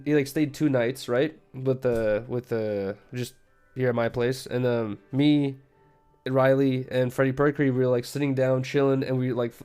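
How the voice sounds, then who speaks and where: A man's voice: medium pitch, a little mellow, clean tone. A man with an American accent chatting casually on a late-night stream, rambling and swearing and laughing easily.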